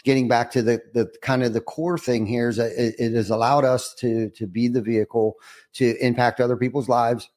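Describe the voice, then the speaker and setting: A man's voice: mid-range voice, little pitch movement, a little fast, darkish tone. A man hosting a casual podcast interview, earnest and reflective, often restarting his words. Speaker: podcast host.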